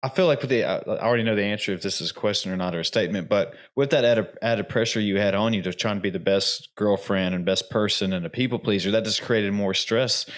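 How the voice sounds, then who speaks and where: Low-voiced man hosting an interview. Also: quick pace, few pauses. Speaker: interview host. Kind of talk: conversational interview.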